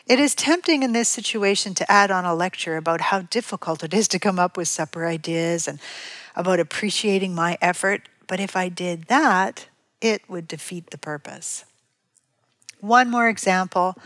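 A middle-aged woman, a parent educator, reading a prepared piece on parenting in an even, measured tone. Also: lowish voice, no room sound, clean studio sound.

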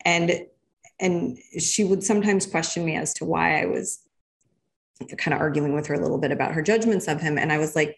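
A woman's voice: low-pitched, a little fast, creaky. A woman guest in an interview who speaks reflectively and explains her points with examples. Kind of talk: casual interview conversation.

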